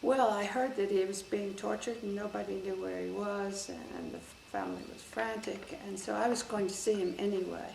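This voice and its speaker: An older woman with a gravelly, creaky voice recalls events for an oral history interview. She tells her stories vividly and acts out the voices in old exchanges. The recording sounds roomy, with a faint hiss underneath. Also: medium pitch, normal speed, few pauses. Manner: lively storyteller, acts out quoted exchanges. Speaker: interviewee, former official. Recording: echoey room with faint hiss.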